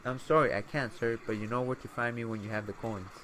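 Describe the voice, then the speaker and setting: A man's voice: mid-range voice, steady tone, fast, noisy background, natural voice. A man voicing a cheeky young newspaper boy who talks in a slightly raised, polite but pushy way.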